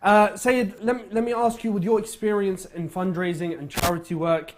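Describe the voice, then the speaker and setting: A man hosts a live charity broadcast. His voice sits very high, and he talks in a friendly, halting way with plenty of restarts. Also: fairly even intonation. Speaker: charity telethon host.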